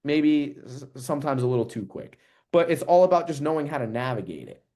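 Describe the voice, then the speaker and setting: Quick-talking male sales coach. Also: mid-range voice, very animated, warm tone. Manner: quick, casual, direct, uses slang. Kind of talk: coaching call feedback.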